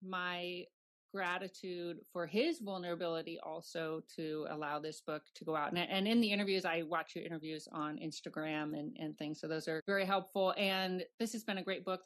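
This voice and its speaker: A woman's voice: fairly low pitch, fairly even intonation, normal speed. A woman hosting a podcast interview, affirming her guest and reading a summary of the book. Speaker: podcast host.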